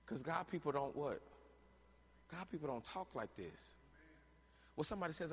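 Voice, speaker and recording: A man preaching a sermon in a church, asking rhetorical questions for the congregation to answer and swinging between shouting and quiet talk. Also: fairly high pitch, lively intonation, normal speed, long pauses, slight background noise. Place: church hall. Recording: long hall reverb.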